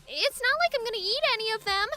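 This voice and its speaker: A woman's voice: extremely high pitch, lively intonation, quick pace, loud music behind the voice, voice pushed up. A woman voicing a bubbly, overexcited giant female painter who is mayor, gushing and giggling as she trips over her words.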